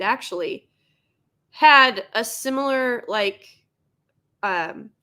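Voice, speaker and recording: A woman's voice: mid-range voice, bright, forceful tone. A young adult woman giving sarcastic, exasperated live reaction commentary as a streamer.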